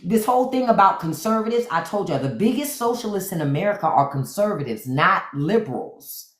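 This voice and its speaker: A woman's voice: mid-range voice, animated, brisk. A woman talks to her live viewers in a sassy, mocking way, and her voice swings up and down a lot. She's recorded on a phone or webcam in a room with a noticeable echo. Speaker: host of a live stream. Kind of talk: casual live-stream commentary. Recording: echoey room.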